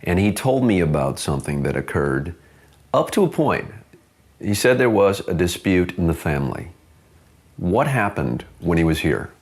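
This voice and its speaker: Deep-voiced earnest male interviewer. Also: very animated, normal speed, darkish tone. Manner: earnest, probing, apologetic. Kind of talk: mock-serious documentary interview.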